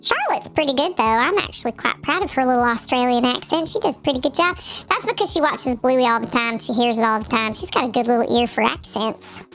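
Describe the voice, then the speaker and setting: A woman streaming live and chatting casually with her viewers while gaming, talking in a loose, animated way with many "like" fillers. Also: a little high, brisk, few pauses, soft background music.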